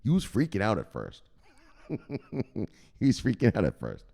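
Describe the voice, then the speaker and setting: A man with a low, gravelly voice tells a wild comic story. He swings his pitch widely and talks in a profane, conspiratorial way. It's a casual video-channel host riffing loosely. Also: wildly swooping pitch, a little slow, mellow. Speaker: crypto news host.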